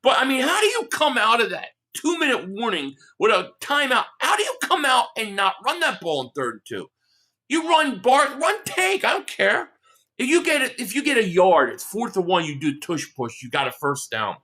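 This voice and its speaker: A man's voice: extremely high pitch, very animated, normal speed, sharp tone. A man hosting a live sports reaction stream, ranting heatedly and with lots of profanity while reading out viewer chats.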